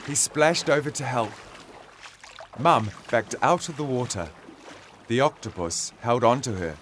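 Man reading a kids' story, slow, lively pitch, faint background noise. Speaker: narrator.

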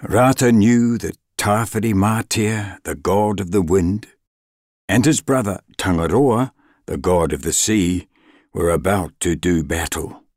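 A man reading a legend aloud as storybook narration, slow and expressive with dramatic pauses. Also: low voice, no echo, studio quality.

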